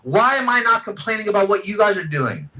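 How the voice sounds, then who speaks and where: A man hosting a podcast, loudly and aggressively insulting others in a heated argument. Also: sits high, very animated, a little fast, a little hiss or hum. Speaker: podcast host.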